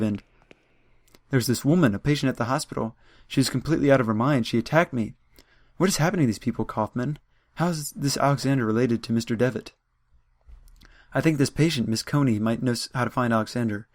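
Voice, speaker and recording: Man reading out a worried young investigator, brisk and earnest, dry sound. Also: mid-range voice, dry recording, natural voice.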